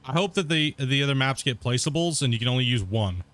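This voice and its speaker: Chatty gamer dude. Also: male voice, mid-range voice, animated, fast talker, fairly bright tone. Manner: chatty, rambling, laughs often, says "dude". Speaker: gaming streamer. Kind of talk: casual let's-play commentary.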